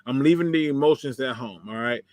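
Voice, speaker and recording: A man's voice: mid-range voice, a little fast, no room sound. A man hosting a casual sports livestream, reading viewer comments aloud and reacting with sarcasm and frequent laughter. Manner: animated, sarcastic, laughs often, talks to chat.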